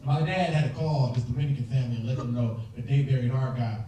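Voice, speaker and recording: A young man performing a stand-up comedy set, telling animated stories and acting out quoted voices, recorded on stage with an audience laughing. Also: medium pitch, fast, slight background noise. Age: young adult. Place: stage before a live audience. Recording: roomy hall, distant mic, crowd laughter.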